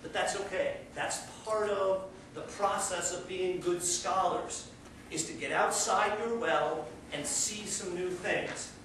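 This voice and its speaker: A man teaching a college class in an easy, encouraging way, turning animated when he tells a story. His voice sits high for a man. He is picked up from a distance in a very echoey classroom with faint room noise. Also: slow pace. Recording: echoey classroom, heard from far off.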